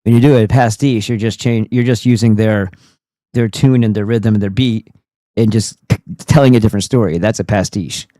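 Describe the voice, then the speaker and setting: A man's voice: on the low side, steady tone, brisk, warm tone, dry recording. A man hosting a casual livestream, talking in a goofy, profane and rambling way. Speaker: streamer host.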